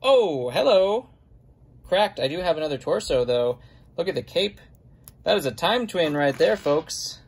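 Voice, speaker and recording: A man's voice: on the high side, sing-song, unhurried, slightly rough. Casual rambling man sorting toys. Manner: rambling, muttering asides to himself. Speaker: toy collector vlogger. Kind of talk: casual running commentary.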